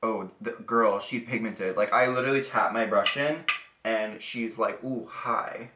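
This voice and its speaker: A man's voice: fairly low pitch, normal speed, background noise. A young man chatting casually through a makeup tutorial in a sassy, profane, chatty way. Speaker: beauty vlogger. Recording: echoey room.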